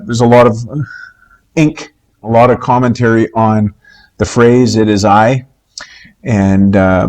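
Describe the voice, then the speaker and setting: A man teaching a recorded Bible lesson, in a measured way with many pauses and "uh" fillers. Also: on the low side, a little mellow.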